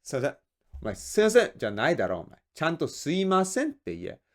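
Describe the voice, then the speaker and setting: A man playing a gruff middle-aged boss who rapidly scolds his junior employee. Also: mid-range voice, very animated, pitched below the performer's own voice, close to an everyday voice. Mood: scolding. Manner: rapid, barking, nitpicking.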